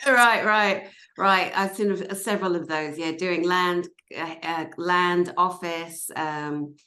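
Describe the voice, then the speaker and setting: A woman's voice: on the low side, fairly even intonation, slow pace, bright, forceful tone. A woman co-hosting a chat show, talking in an emphatic way with some hesitations. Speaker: co-host, medium. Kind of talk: casual chat.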